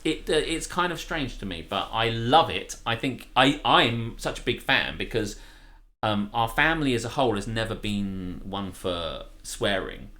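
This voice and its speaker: A man's voice: medium pitch, measured pace. A man co-hosting a live-stream chat show, talking casually and jokily, often breaking into silly voices. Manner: animated, jokey, given to silly voices and laughter. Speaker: podcast co-host.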